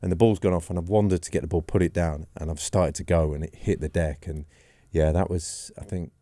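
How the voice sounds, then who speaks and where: Podcast guest, man, 40s: low mellow voice, dry studio sound, rambling self-deprecating storyteller. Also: steady tone, fairly quick, no room sound. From England. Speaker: podcast guest, former goalkeeper. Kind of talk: casual storytelling.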